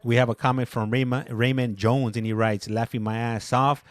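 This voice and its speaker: Brief: male host, relaxed, halting, dry close mic. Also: mid-range voice, no room sound. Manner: laid-back, laughs often, halting with fillers. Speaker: podcast host reading live chat. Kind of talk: casual live-stream chat.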